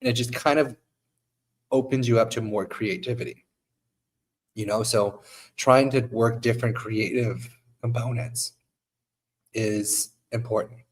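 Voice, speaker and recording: A man's voice: medium pitch, measured pace, pauses often, slightly rough. Man talking shop with a worn voice. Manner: animated, acts out quotes of clients. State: losing his voice, coughing. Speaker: modeling agency owner. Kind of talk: casual podcast conversation.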